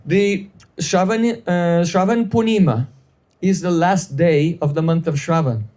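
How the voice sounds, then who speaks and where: A man's voice: a little high, measured pace, a little mellow. A man teaching in a live devotional storytelling class, explaining at length, repeating phrases, and checking in with listeners.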